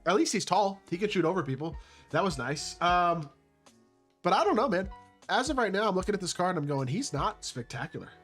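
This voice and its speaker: A man's voice: high-pitched, expressive, fairly quick, fairly bright tone, soft background music. A young man giving casual commentary over his own gameplay, rambling and hedging with rhetorical questions. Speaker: gaming YouTuber.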